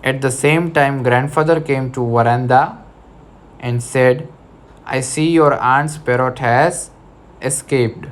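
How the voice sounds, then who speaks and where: A male teacher with an Indian English accent talks schoolchildren through a chapter at a very slow pace. His pitch sits in an ordinary middle range. He repeats each word and spells it out letter by letter. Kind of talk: English lesson for children.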